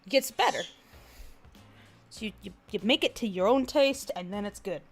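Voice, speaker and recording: A woman's voice: medium pitch, expressive, moderate pace. A woman hosting a casual livestream, talking animatedly with lots of laughing and "like". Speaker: comic artist and animator, stream host.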